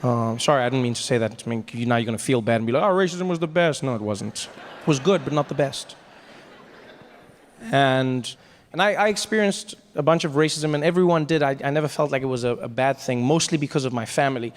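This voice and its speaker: A man's voice: medium pitch, fast. South African man doing stand-up. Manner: playful storytelling, often laughing mid-line. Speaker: comedian. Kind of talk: stand-up comedy.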